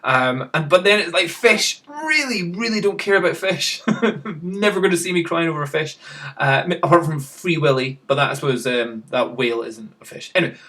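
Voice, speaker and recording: A man's voice: on the high side, fairly quick, bright, forceful tone. Rambling, self-mocking man vlogging. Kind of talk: casual chat to camera.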